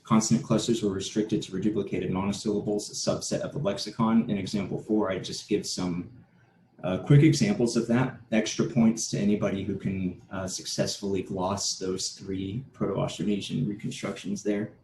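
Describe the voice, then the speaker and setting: A man presenting an academic conference talk, explaining in a measured way with fillers and restarts. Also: on the low side, flat delivery, echoey room, background noise.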